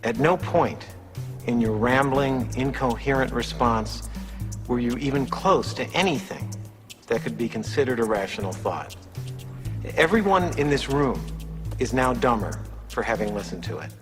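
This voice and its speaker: Scornful official, a male actor: slow, withering, music underneath. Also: medium pitch, expressive, lightly acted.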